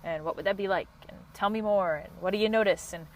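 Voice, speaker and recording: A woman coach hosting a solo podcast, talking in a passionate, quick and high-energy way. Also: a little hiss or hum, low-quality recording. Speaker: podcast host and couples coach.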